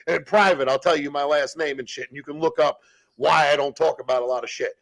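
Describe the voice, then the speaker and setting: A man's voice: on the high side, a little fast, gravelly, a bit bright, no room sound, rough recording. A man in casual chat, telling stories with lots of swearing and acting out what others said. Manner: profane, storytelling, acts out quotes. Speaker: guest telling prison stories.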